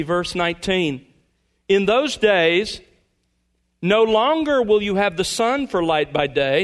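Male pastor, high-pitched, earnest sermon delivery with deliberate slow stresses and hushed drops. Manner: earnest preaching, slows to stress words, drops to a hush at points.

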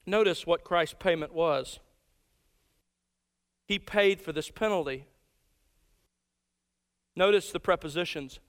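A man delivers a sermon in a high-pitched, smooth and resonant voice. He speaks deliberately and slows down to weigh each key word. His voice carries a long reverb from a large hall. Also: a bit bright. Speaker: preacher. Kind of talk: expository sermon.

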